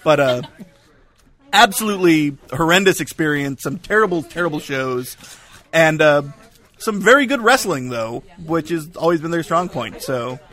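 Man giving a quick podcast rundown. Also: fairly high pitch, animated, a bit bright. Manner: quick, joking asides. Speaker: podcast panelist. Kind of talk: casual group chat.

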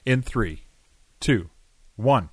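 A man's voice: mid-range voice, lively intonation, very slow, slightly rough, no echo. A man hosting a podcast in an easygoing way, handing turns to his co-hosts and counting them in. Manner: easygoing, runs the show's cues. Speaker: podcast host. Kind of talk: casual chat.

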